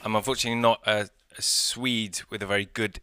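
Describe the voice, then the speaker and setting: A middle-aged British man speaks in a low, deep voice with a bright, clear edge, recorded close and dry. He talks through his ideas conversationally, with plenty of uh's and small restarts along the way. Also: level tone, fast talker, no room sound. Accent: British English. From Britain. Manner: conversational, thoughtful, with frequent fillers and restarts. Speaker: city architect. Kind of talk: conference talk. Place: outdoor courtyard by historic buildings.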